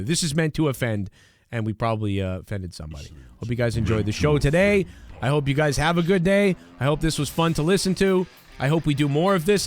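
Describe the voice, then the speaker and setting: A man's voice: fairly high pitch, dry recording. A young man hosting a podcast, ranting casually with lots of swearing, fillers and restarts. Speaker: podcast host. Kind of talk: casual comedic rant.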